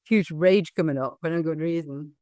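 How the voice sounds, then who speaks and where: A woman's voice: low voice, normal speed, darkish tone, no echo, studio quality. A middle-aged woman, a hypnosis trainer, speaking as a guest in an interview, talking earnestly and telling stories with animation and frequent restarts. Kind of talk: candid interview talk.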